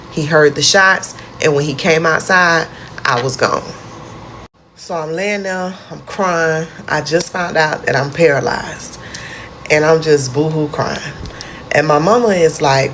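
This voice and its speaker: A woman with a low voice recounts her own story in a storytime video. She tells it animated and dramatic, acting out what she and others said. A faint hiss sits under the recording. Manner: animated, dramatic retelling with quoted outbursts. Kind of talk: personal storytime narration.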